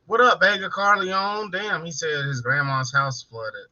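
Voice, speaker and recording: A man's voice: on the high side, steady tone, unhurried, bright, forceful tone, dull audio. A man co-hosting a casual late-night live stream, joking, swearing and calling out chat viewers by name.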